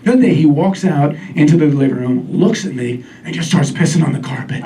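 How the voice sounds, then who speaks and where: A man doing a stand-up comedy set on a club stage, wry with deadpan asides. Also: on the high side, fairly quick, a little hiss or hum. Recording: distant mic, live crowd laughter.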